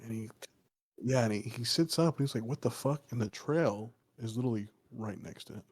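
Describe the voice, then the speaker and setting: A man's voice: medium pitch, a little fast, a little mellow. A man casually telling a folk story on a podcast, swearing often and rambling with lots of fillers. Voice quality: loose, profane, rambling with many fillers. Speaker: podcast co-host.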